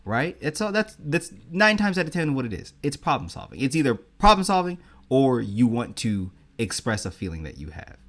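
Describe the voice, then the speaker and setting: Male podcast co-host, animated and talky, acts out arguments, very varied pitch. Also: moderate pace. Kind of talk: casual chat.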